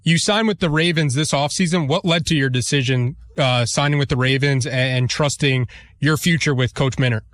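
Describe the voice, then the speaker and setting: A man's voice: medium pitch, moderate pace, fairly bright tone, no echo. Chatty male co-host, dry sound. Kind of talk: sports talk radio.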